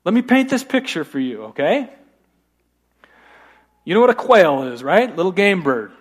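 Man, pastor, high voice, casual jokey sermon, church. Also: very animated, normal speed, husky. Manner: conversational, joking asides.

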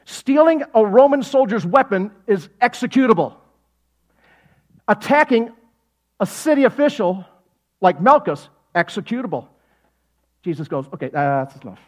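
A pastor with an extremely high voice preaches an animated, jokey sermon at an unhurried pace, pausing often. He acts out quotes with sudden loud shouts and laughs frequently.

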